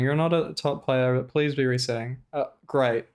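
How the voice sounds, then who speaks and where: A man streaming live, giving loose, profane commentary as he reacts to gameplay. His voice is smooth and clear and sits at a middle pitch. He rants with animated exasperation. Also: normal speed.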